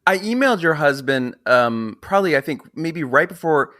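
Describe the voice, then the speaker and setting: A man in his fifties interviewing a guest in a casual chat, telling a long personal story in a rambling, animated way with many restarts. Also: on the high side, moderate pace, no echo, studio quality. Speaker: podcast interviewer.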